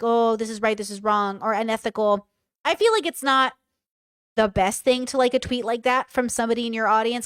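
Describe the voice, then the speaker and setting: Clear-voiced young woman reacting frankly. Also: on the high side, no echo, studio quality. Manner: reads messages aloud and comments frankly, swearing. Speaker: commentary streamer. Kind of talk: casual reaction commentary.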